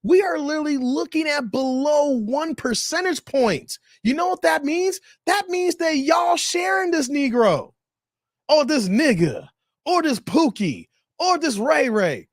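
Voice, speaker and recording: High-voiced joking live-stream host man. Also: a little slow, dry recording, clean studio sound. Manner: animated, joking, slangy, reads out chat messages. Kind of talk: casual live stream commentary.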